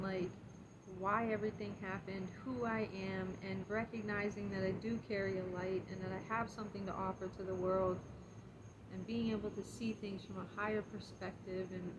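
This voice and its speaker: A woman giving a reflective casual monologue on her spiritual healing, chatty and quick to laugh at herself. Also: mid-range voice. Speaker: spiritual vlogger. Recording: clear background insect noise.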